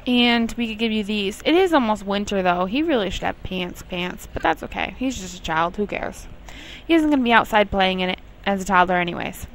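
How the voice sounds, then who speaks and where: Her voice sits at medium pitch, and the low-quality recording carries a faint hiss or hum. A young female gameplay commentator casually narrates her life-sim session, talking to herself and scolding her characters with exasperation.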